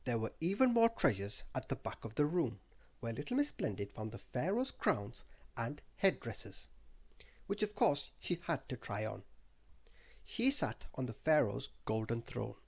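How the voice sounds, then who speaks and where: At bedtime, a man reads a children's storybook aloud, a little slowly. His husky voice swoops widely in pitch, and he stays expressive from start to finish.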